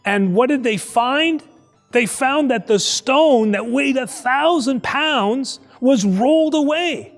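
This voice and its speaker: Lively priest telling a Bible story. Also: male voice, very high-pitched, takes it slowly, long reverb tail, faint music behind. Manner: lively and conversational, acts out voices. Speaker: priest teaching Sunday school. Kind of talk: storytelling lesson for children. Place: church.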